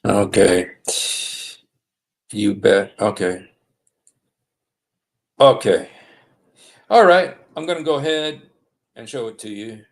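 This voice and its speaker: Guy on a livestream reading stuff out, low gravelly voice, slow, lots of uhs and sorrys. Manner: halting, many fillers and apologies. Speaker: livestream host. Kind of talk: casual livestream commentary reading texts aloud. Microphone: desktop streaming mic.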